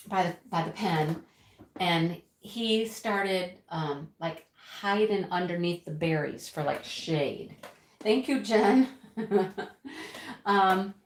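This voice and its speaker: Brief: middle-aged woman live-streaming to viewers, chatty, animated storyteller, mid-pitched, echoey room. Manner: animated, chatty, laughs often.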